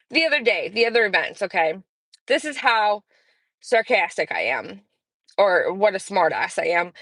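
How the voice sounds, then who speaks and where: A woman's voice: medium pitch, fairly bright tone, dry recording. Woman in her 40s as a chatty livestream host, sarcastic and rambling, dry close mic. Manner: blunt and sarcastic, rambling with fillers. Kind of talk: casual chat.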